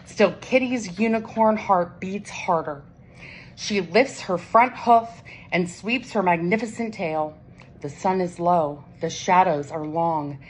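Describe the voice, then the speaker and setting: A woman reading a children's picture book aloud in a gentle, unhurried way. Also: fairly low pitch, a little hiss or hum, rough recording. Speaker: storybook reader.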